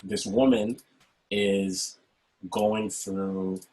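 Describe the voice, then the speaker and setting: A man hosting a casual talk over a video call, speaking in an animated way and often checking in with "right?". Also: on the low side, drawn-out words, low-quality recording. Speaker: host. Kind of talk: casual chat.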